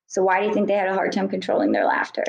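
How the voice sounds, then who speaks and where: A woman's voice: mid-range voice, very animated, racing, gravelly, echoey room, rough recording. A woman teacher reading a book chapter aloud to students, correcting her slips and stopping to explain words.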